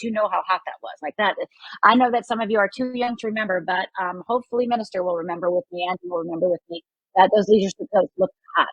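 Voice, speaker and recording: A life coach in her sixties from Upper Michigan in the United States tells a personal story as an interview guest, earnest and emphatic, acting out the voices she quotes. Her mid-range voice is slightly rough. The recording is dry and low in quality.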